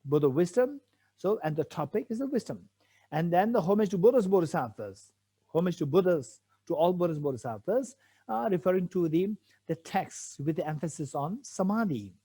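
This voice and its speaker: Teaching a sutra commentary, a man patiently works through a Buddhist text, returning to key phrases and asking rhetorical questions. He speaks expressively at a moderate pace, his high voice mellow and slightly rough.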